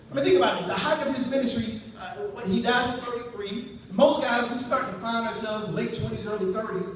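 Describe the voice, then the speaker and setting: A man performing a stand-up set in a club, talking in a loose conversational way with rambling asides. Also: very high-pitched. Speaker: stand-up comedian. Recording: echoey club, distant mic, noisy.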